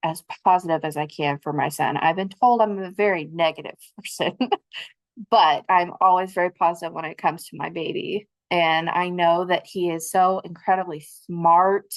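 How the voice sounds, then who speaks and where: Earnest young woman hosting, lowish voice. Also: fairly even intonation, normal speed. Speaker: podcast host, mother. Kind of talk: casual conversation.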